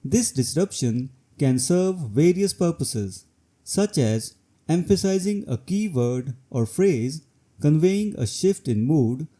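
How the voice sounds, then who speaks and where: A man reading a scripted educational narration in an even, measured way. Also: a little high.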